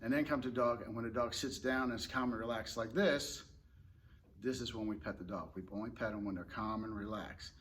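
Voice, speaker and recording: A man who trains dogs, talking in a relaxed, rambling way and explaining tips casually with fillers and restarts. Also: on the low side, brisk, slight background noise. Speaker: dog trainer. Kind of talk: casual instructional talk.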